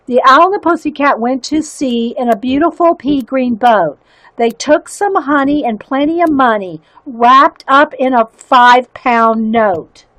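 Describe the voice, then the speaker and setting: A woman's voice: high-pitched, unhurried, fairly bright tone, dry recording. A woman hosting a casual livestream, chatting and giggling as she stumbles through reading aloud. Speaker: livestream host showing zines.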